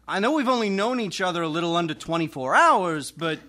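A performer voicing Ricky, a cocky young greaser with a smooth, drawling manner. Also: female voice, lowish voice, lively intonation, fairly quick, fairly bright tone.

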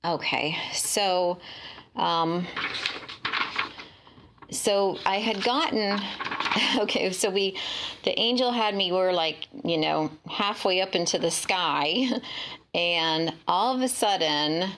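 A woman shares a dream in a casual, halting way, stopping often to restart her sentences. Her voice sits a little low, and she speaks slowly and unhurriedly. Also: noisy background. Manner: halting, many fillers and restarts. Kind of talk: casual spoken testimony.

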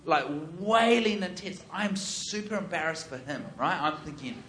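A man preaching, telling a lively story and acting out the quoted lines with laughter. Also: on the high side, normal speed, hardly any pauses. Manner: animated, laughing, acts out quotes. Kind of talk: storytelling sermon.

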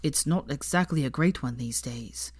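A woman voicing an earnest young man in a storybook reading, speaking softly and quietly. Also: rumbling low, normal speed, breathy edge, no room sound, studio quality. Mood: wry.

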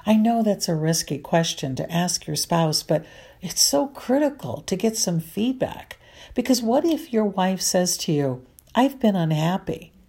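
Middle-aged female counselor, slow and earnest, warm low voice, talks straight to listeners. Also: lively intonation, slightly rough. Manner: earnest, repetitive, slow and deliberate. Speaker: marriage counselor. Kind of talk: advice talk to listeners.

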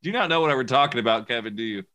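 Brief: male podcast co-host, bright forceful tone, jokey storyteller who laughs a lot. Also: medium pitch, lively intonation, racing. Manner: joking, laughs often, storytelling. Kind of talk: casual chat.

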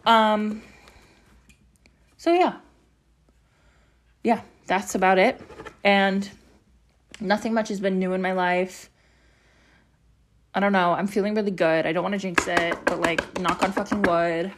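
A woman's voice: medium pitch, fairly even intonation, a little slow, long pauses, background noise. Chatty young woman rambling at home. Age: young adult. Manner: rambling and chatty, heavy use of "like" and swearing. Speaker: podcast host. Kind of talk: casual chat.

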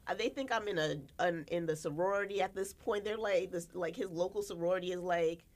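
A young American woman, a podcast co-host, telling stories in casual chat and acting out quotes with big jumps in her voice. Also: quick pace. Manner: animated, acts out quotes with big pitch jumps.

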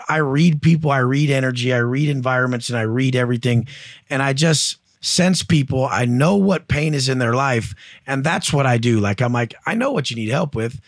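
A man's voice: mid-range voice, creaky, no room sound, clean studio sound. A man speaking as a guest entrepreneur and coach, telling blunt, profane stories and acting out the voices of the people in them. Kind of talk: casual interview storytelling.

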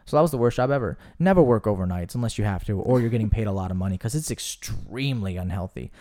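Speaking in a lowish voice, a young man appears as a guest on a casual podcast, spinning stories in an animated, meandering way packed with fillers.

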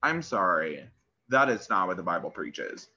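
Feisty, swearing young man, bright tone. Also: low voice, moderate pace. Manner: animated, swears a lot, gets feisty. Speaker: podcast co-host. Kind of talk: casual chat. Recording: dull lo-fi podcast audio.

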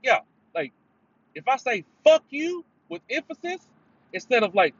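A man's voice: very high voice, big pitch swings, moderate pace, dry recording. Profane rambling man on a podcast. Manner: profane, rambling, emphatic with sudden loud bursts. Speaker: podcast host. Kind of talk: casual solo podcast rant. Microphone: headphones mic. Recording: dull lo-fi sound with faint noise.

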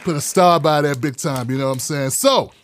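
A man hosting a live podcast, talking in an animated, preachy way and repeating phrases for emphasis. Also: fairly high pitch, fairly quick, a crowd in the background, background noise. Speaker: podcast host. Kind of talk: live-streamed podcast talk.

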